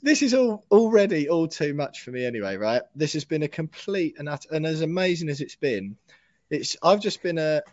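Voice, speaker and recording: A man co-hosting a podcast in casual chat, excitable and chummy, often saying mate. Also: a little high, no room sound, dull audio. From England. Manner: excitable, chatty, says mate a lot. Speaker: podcast co-host.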